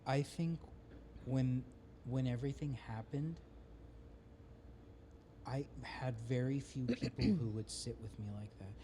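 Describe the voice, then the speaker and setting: A man with a mellow, dark-toned voice talks casually as a podcast guest, rambling loosely and using slang. Faint background noise sits under the talk. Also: medium pitch, unhurried, long pauses.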